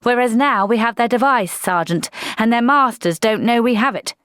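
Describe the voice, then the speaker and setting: A woman voicing a calm, precise young male lieutenant giving clipped orders. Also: fairly high pitch, moderate pace, smooth, dry recording, studio quality, voice pushed up, lightly acted. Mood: calm reasoning.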